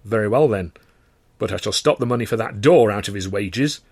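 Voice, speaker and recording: A man's voice: on the low side, a little fast, a little mellow, breathy edge. A man reading aloud as a stern male theatre boss who speaks with clipped, icy deference. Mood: cold sarcasm.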